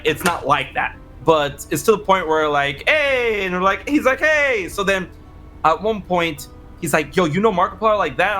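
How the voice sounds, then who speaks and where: Excitable male interview guest, animated storyteller, bright tone, a bit higher pitched. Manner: animated, fast, many restarts and quoted exclamations. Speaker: interview guest, content creator.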